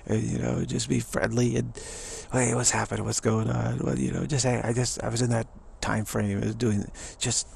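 The middle-aged man giving this rambling motivational talk sounds gravelly and a little mellow, with medium pitch and a flat delivery. He moves at normal speed with few pauses, enthusiastically repeating himself and often chuckling.

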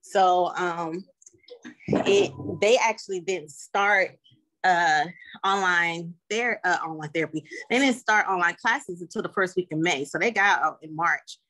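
Relaxed woman speaking as a parent. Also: fairly low pitch. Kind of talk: casual chat. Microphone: video call.

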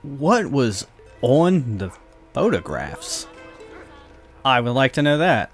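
A man's voice: medium pitch, very animated, takes it slowly, faint music behind. A man giving casual gameplay commentary, chatty and prone to swearing as he reacts to the game. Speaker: let's play host.

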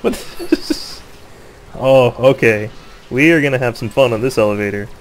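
A man's voice: medium pitch, a little fast, a little hiss or hum. Laughing, joking young gamer man. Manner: laughs often, excitable, joking, self-mocking. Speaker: gamer commentating his own play. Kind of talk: casual gameplay commentary.

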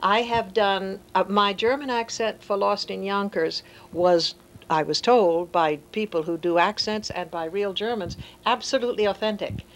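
An animated actress tells a story as a guest in a radio studio, breaking into laughter along the way. Her voice is at a middle pitch for a woman, neither high nor low. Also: moderate pace, low-quality recording. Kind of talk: talk show guest anecdote.

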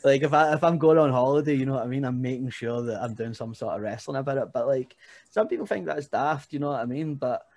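A young man recounts his stories in a lively, chatty way, laughing often and leaning on "you know what I mean". His voice sits at an ordinary middle pitch, and the recording is close and dry with no room sound. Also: fast, dry recording. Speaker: podcast guest, wrestler. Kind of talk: casual storytelling chat.

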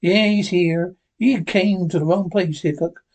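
A man voicing a scheming, blustering male political boss with a husky voice. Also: sits high, steady tone, a little slow, darkish tone, exaggerated voice. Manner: blustering, threatening.

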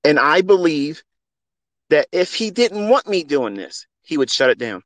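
A man's voice: a little high, very animated, unhurried, fairly bright tone, dry recording. A middle-aged man talking into a phone as a trading mentor, in a passionate, preachy monologue with blunt swearing. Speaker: trading mentor hosting a live audio space. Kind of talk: unscripted heartfelt monologue.

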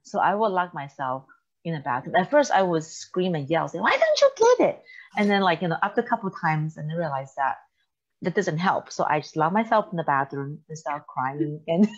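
Low-pitched woman chatting and laughing, kinda dull lo-fi audio. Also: a little fast. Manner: warm storytelling with laughs and acted quotes. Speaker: podcast co-host. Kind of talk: casual chat.

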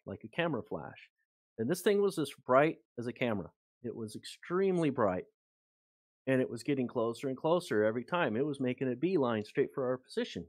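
A man's voice: medium pitch, darkish tone, no room sound, clean studio sound. A man, a guest author and researcher, telling a long anecdote in a casual, rambling way with many fillers. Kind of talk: casual storytelling in an interview.

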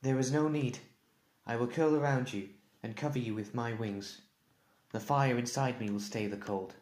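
A man's voice: mid-range voice, moderate pace, a little mellow, lightly acted. A man voicing a female dragon who speaks in a terse, firm way. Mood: calm. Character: female dragon, curt and proud. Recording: echoey room.

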